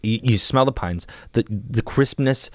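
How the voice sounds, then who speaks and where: On a podcast, a young male guest with a mid-range voice leads a listener through a comic mock guided meditation, speaking softly, drawn-out and playful while often restarting sentences. The recording is dry.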